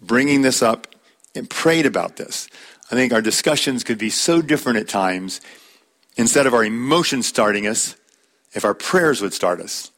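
Middle-aged man, mid-pitched, plain-spoken Bible study leader with a folksy, anecdotal delivery. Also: lively intonation, normal speed, a bit bright. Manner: plain-spoken, calls on listeners by name to read verses; folksy, tells personal anecdotes with light laughs. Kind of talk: conversational Bible teaching.

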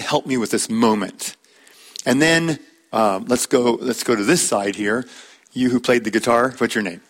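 Middle-aged man, mid-pitched, plain-spoken Bible study leader with a folksy, anecdotal delivery. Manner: plain-spoken, calls on listeners by name to read verses; folksy, tells personal anecdotes with light laughs. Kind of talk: conversational Bible teaching.

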